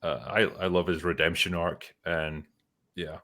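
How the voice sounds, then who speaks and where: A man's voice: sits low, level tone, a little slow, bright, forceful tone. A man hosting a casual panel chat, blunt, swearing freely and laughing often. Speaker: host.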